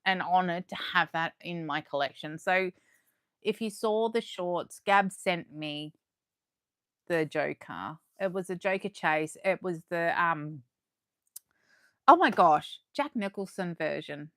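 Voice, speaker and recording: A young adult Australian woman hosting a live unboxing, chatting warmly and gushing as she reads comments aloud. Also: on the low side, expressive, takes it slowly, smooth, dry recording, studio quality. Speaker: livestream host.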